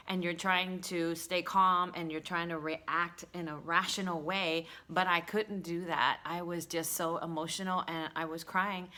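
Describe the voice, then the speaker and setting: A middle-aged woman hosting a faith talk, sharing an emotional personal testimony with many pauses and restarts. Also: on the low side, sharp tone. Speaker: host.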